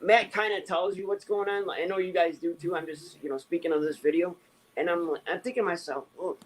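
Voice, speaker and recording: A man's voice: high-pitched, steady tone, fast talker, a little hiss or hum, low-quality recording. A man chatting casually in a group, rambling with many fillers and restarts. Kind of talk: casual chat.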